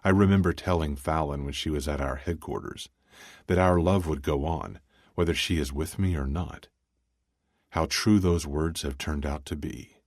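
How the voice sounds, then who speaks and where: A man narrating a first-person audiobook in a measured, brooding reading on a close studio mic. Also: rumbling low, no echo.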